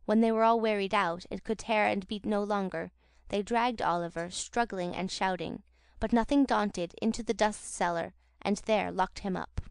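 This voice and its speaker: A woman narrating a classic novel audiobook in a measured, dramatic storytelling manner. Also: mid-range voice, vocal fry, clear, resonant tone, no room sound, studio quality.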